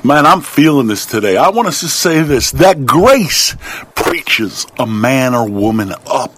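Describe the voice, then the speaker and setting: A man preaching on a Christian talk show. His voice sits at a middle pitch and swings between hushed low stretches and loud, high bursts. His delivery is fervent and exclamatory. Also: sing-song, a little slow, breathy edge. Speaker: Christian TV co-host.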